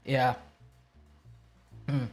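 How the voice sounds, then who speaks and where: A man's voice: drawn-out words, faint music behind. A man streaming, giving blunt, profane opinions in a rambling way with many restarts. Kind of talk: casual reaction stream commentary.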